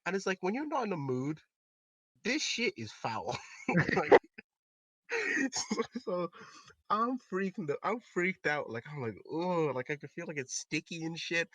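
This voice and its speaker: A man's voice: sits high, big pitch swings, normal speed, bright, forceful tone, no echo. A young man co-hosting a casual podcast, telling a rambling anecdote full of fillers and acted-out quotes, close on a podcast mic. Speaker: podcast co-host. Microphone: close podcast microphone.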